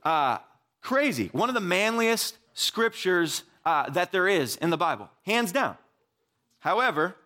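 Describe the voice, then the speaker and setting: A young man giving a casual, animated sermon, full of "like" and asides. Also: fairly high pitch. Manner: animated, filler-heavy, says "like" often.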